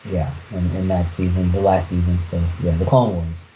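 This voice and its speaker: Man, 30s, casual podcast chat, halting, dull muffled recording, faint hiss. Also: deep voice, flat delivery, mellow. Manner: halting, many restarts and fillers. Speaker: podcast co-host. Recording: muffled lo-fi audio with faint noise.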